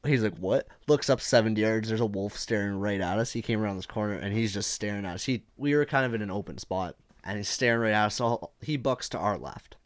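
Lively man spinning a hunting tale. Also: lowish voice, quick pace, hardly any pauses, no room sound. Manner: animated storyteller, acts out quotes. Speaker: hunter telling a trip story. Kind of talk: casual chat.

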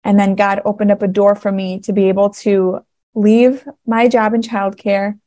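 A woman's voice: mid-range voice, level tone, moderate pace, mellow. Earnest, emotional woman podcaster. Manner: emotional, earnest, laughing through tears. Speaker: podcast host. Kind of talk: casual faith podcast monologue.

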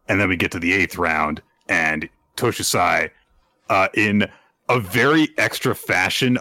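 A man's voice: low voice, unhurried, pushed and bright, no room sound. A man hosting a casual podcast, recapping a story in a rambling way and laughing between points. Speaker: podcast host.

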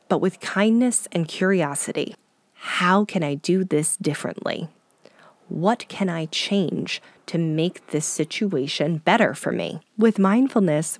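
Woman podcast host, lower pitch, dry close sound, chatty and direct. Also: no room sound. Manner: conversational, acts out inner voices, direct questions to listener. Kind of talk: casual talk on mindfulness and parenting.

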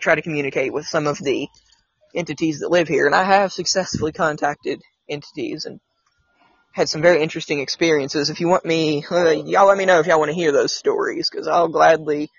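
A man's voice: fairly high pitch, creaky, fairly bright tone, breathy edge. A man hosting a casual podcast, telling his own experiences in a rambling, hesitant way with many restarts. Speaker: podcast host. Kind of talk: casual storytelling chat. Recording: slightly dull, dry sound.

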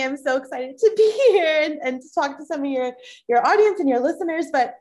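Female podcast guest, business lawyer, slightly high voice, earnest explainer. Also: expressive, a little fast. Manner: warm, emotional, then explains plainly. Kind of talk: casual podcast interview.

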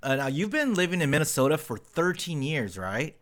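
A man's voice: on the high side, big pitch swings, brisk, a bit bright. A man hosting a podcast, joking and teasing his guests in casual chat. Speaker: podcast host.

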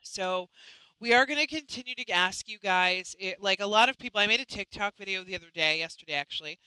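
Bright, smooth-voiced woman host. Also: medium pitch, fairly quick, dry recording, poor audio. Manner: chatty, restarts and apologizes often. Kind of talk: casual chat.

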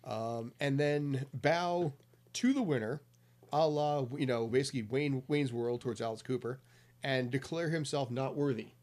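A man's voice: mid-range voice, normal speed, darkish tone. A man chatting as a guest on a casual podcast, playful and wry.

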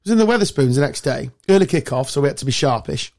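A man hosting a casual podcast, telling sweary, animated stories. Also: mid-range voice, very fast, gravelly. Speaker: podcast host. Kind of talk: casual chat.

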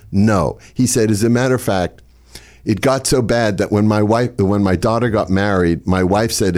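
An older man with a fairly low voice spins wry stories about his family as an interview guest. He laughs at his own punchlines and moves easily from setup to joke. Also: normal speed, darkish tone. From Boston area. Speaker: comedian guest. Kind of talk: storytelling interview.

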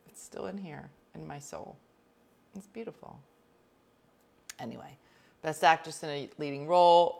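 A woman hosting a casual chat, telling rambling stories with quick whispered asides. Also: low voice, gravelly.

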